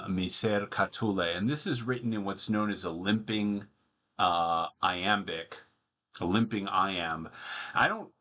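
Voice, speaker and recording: A man teaching a Latin poem in a casual spoken lesson, explaining in an easygoing way and thinking aloud with pauses. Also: low voice, fairly bright tone. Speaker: Latin and Greek tutor.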